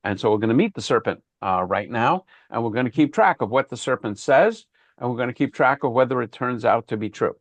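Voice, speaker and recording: A man's voice: mid-range voice, lively intonation, a little fast, no room sound. A man, a rabbi, leading an informal online Bible class, thinking aloud and often repeating words. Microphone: video call.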